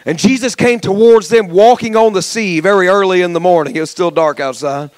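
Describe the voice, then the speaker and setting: A male pastor preaching a sermon, jumping from folksy jokes to shouted exhortation. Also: sits high, fairly quick, no room sound. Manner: passionate, swings from quiet asides to shouted exhortation; folksy, joking asides. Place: church sanctuary.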